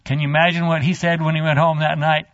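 A man's voice: fairly high pitch, no room sound. Chatty man retelling a Bible story. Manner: animated, halting, chatty. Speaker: Bible teacher. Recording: dull lo-fi dry.

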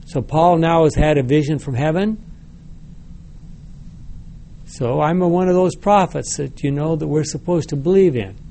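Mellow-voiced man teaching Bible study. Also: fairly high pitch, moderate pace, gravelly, long pauses, slight background noise. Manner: reads passages, then asks the group checking questions. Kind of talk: reading scripture aloud and explaining it to a class.

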